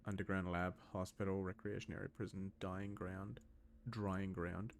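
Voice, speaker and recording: A man's voice: low voice, flat delivery, moderate pace, slight background noise. A young man from Scotland giving loose, rambling gameplay commentary and answering chat questions, with plenty of ums and restarts. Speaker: gaming video host.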